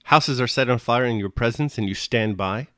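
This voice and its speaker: A man voicing a stiff, officious army officer with a German accent, shouting reprimands. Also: mid-range voice, normal speed, no room sound, studio quality, natural voice. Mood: indignant. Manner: shouting, then apologetic.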